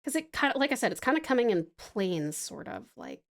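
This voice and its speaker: A high-pitched Australian woman chats on a live stream, her voice leaping up and down with energy. She is affectionate and gushing, drops the odd swear word, and laughs easily. She rambles along casually while she sketches. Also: big pitch swings, a little fast, gravelly. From Tasmania, Australia. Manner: bubbly and affectionate, swears freely, laughs often.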